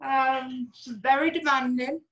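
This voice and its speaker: A young woman answering interview questions in short, plain, unhurried sentences. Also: high voice, steady tone, fairly bright tone, lo-fi sound. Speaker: interview guest.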